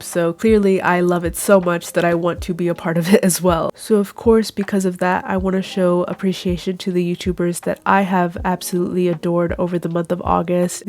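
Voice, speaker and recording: A young woman in her twenties narrating a monthly favorites vlog in a calm, measured, gently enthusiastic way, her voice nasal and stuffed up from a cold. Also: on the low side. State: congested with a cold. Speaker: YouTuber.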